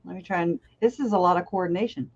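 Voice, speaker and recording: A woman hosts a relaxed livestream, chatting loosely and laughing between her sentences. Her voice sits a little low, and the audio is dull and lo-fi. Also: fast talker, slightly rough. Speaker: channel host. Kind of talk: casual livestream chat.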